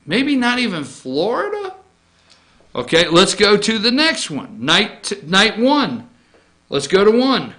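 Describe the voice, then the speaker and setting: Joking guy host, real high bright voice, bounces all over, rambles off on tangents. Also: slow. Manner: joking, rambling, animated, with asides. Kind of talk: casual opinion commentary.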